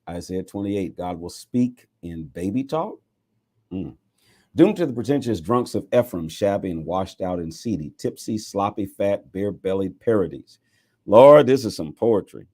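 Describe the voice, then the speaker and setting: Deep-voiced man reading scripture aloud. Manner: expressive reading with exclamations and chuckles. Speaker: bishop.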